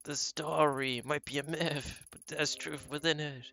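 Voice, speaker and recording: A frail old grandmother, frightened and superstitious, begs in a slow, gravelly quaver, as a man puts her on while reading a game aloud. The voice sits a little high and bright. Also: little pitch movement, full character voice. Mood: warning. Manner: slow, creaky, quavering pleading.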